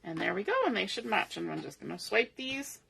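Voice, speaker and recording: A woman's voice: mid-range voice, animated, fairly quick, vocal fry, a bit bright, breathy edge. A middle-aged woman hosting a papercraft tutorial, talking through each step aloud in a chatty way at her craft table. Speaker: papercraft host.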